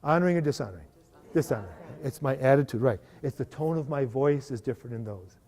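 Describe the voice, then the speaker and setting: A man giving a lively live workshop talk to a parish group, often asking the audience to agree. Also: medium pitch, quick pace. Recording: live hall recording with long reverb.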